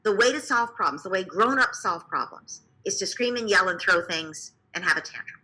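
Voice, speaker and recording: Bright, lively psychologist woman. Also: mid-range voice, normal speed, low-quality recording. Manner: animated, often acts out quoted speech; speaks directly to the listener, asking them to imagine. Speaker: clinical psychologist. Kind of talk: explanatory talk on parenting.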